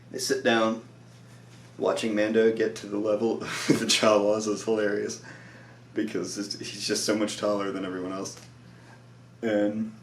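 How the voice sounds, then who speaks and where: A man's voice: lowish voice, echoey room, distant mic. A tired man recapping a show episode in a loose, rambling way, with lots of "like" and frequent laughs.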